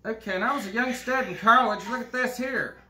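A man's voice: extremely high pitch, fairly quick, bright, forceful tone, a little hiss or hum, full character voice. A man doing a comedic impression of a crude, boastful older state governor, rambling and swearing. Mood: ranting. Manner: rambling, profane and bragging. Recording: echoey room.

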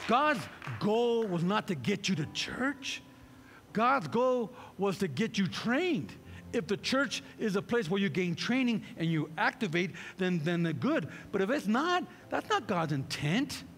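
A man's voice: high voice, very animated, a little slow, fairly bright tone, big-room sound, a little hiss or hum. A man pastor preaching a sermon, fervent and full of repeated rhetorical questions.

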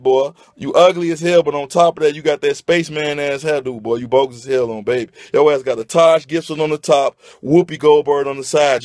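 A man's voice: medium pitch, a little mellow. A man delivering a comedic roast monologue, rattling off mocking insults with repeated catchphrases.

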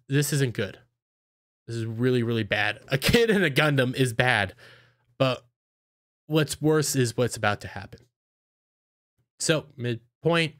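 Casual male anime reviewer, mid-pitched, rambling recap with acted-out character lines. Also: a bit bright. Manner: rambling, filler-heavy, acts out characters' lines.

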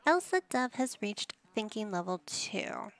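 A gaming channel host with a mid-range, sing-song voice speaks unhurriedly over soft background music. Commenting casually on a life-sim game, she bosses her characters around like a patient parent, adding wry, mildly exasperated asides.

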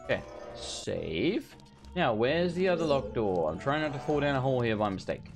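A man's voice: medium pitch, big pitch swings, normal speed. A young man streaming a blind let's play, talking to himself as he gets lost and frustrated, swearing often. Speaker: gaming streamer. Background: game music.

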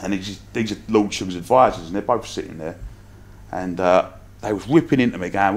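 A man's voice: low voice, fairly quick. Chatty London man telling stories. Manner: lively anecdotes with acted-out quotes, frequent laughs. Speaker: podcast guest, entrepreneur. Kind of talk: casual storytelling.

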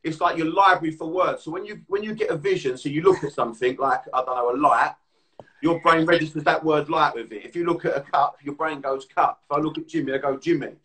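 Bright man explaining and joking. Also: fairly high pitch, fast. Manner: explanatory, then anecdotal and laughing. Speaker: co-host. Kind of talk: casual chat.

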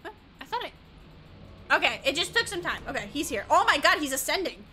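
A woman's voice: high voice, very animated, moderate pace, pushed and bright, a little hiss or hum. A woman gaming streamer chatting casually while she plays, rambling, giggly, easily sidetracked and swearing a lot.

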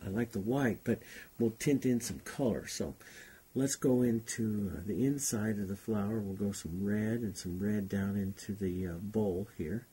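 A man's voice: fairly low pitch, dark tone, slightly rough. A man teaching a painting class, talking unhurriedly and thinking aloud as he paints. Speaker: painting instructor. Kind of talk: relaxed painting demonstration.

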